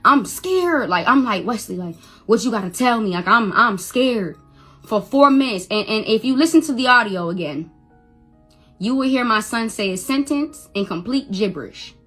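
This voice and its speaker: Agitated high bright-voiced woman. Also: lively intonation, normal speed, soft background music. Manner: agitated, repetitive, stammering restarts. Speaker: mother defending herself. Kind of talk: heated live-video rant.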